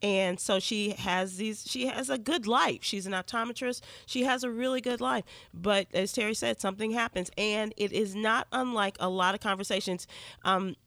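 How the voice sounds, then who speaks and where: A woman's voice: medium pitch, moderate pace, a bit bright, no room sound. A woman co-hosting a radio show, chatty and enthusiastic, laughing often as she interviews a guest. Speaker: radio co-host.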